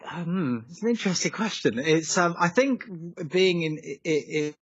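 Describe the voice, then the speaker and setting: A man's voice: a little high, lively intonation, normal speed, dry recording. A young man, a musician, chatting over a video call, rambling with lots of fillers and tangents. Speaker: musician guest. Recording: slightly dull, dry call audio.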